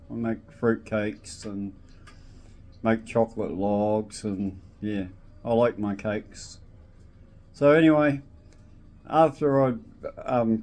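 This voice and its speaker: A man's voice: medium pitch, darkish tone. A man telling a casual anecdote, rambling with restarts and frequent "so anyway".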